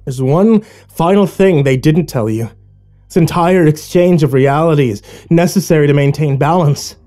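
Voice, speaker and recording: A man voicing a monstrous imitation of a cartoon villain in a horror story reading, explaining slowly and gravely. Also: a little high, mellow, faint music behind, voice pushed up, close to an everyday voice.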